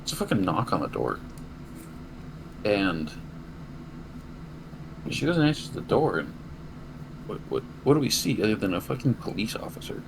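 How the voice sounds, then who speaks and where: Young guy, really low voice, rambling story on a podcast, swears a lot, noisy background. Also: very animated, normal speed, creaky, long pauses. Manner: casual, swears freely, rambling anecdote. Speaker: podcast co-host. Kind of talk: casual storytelling chat. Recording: noticeable background noise.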